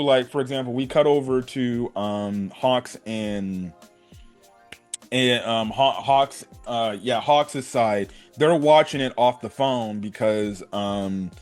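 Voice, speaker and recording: Excitable young man reviewing anime. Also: mid-range voice. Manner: excited fan talk, many fillers and "bro". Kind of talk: casual episode review.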